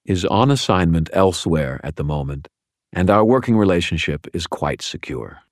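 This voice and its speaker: A polished male crime boss, as a man puts him on in an audiobook speaks with formal, measured calm. The voice sits very low. The recording is dry and close, with no room sound. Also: no room sound. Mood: cool, courteous. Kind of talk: audiobook character voice.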